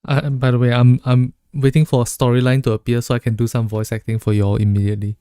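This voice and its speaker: A male streamer chatting loosely with his viewers, joking and laughing as he goes. His voice is mellow and a little dark, recorded close and dry with no room sound. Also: mid-range voice, flat delivery, fast, smooth, no echo. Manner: joking, laughs often, reads chat aloud. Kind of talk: casual live-stream chat.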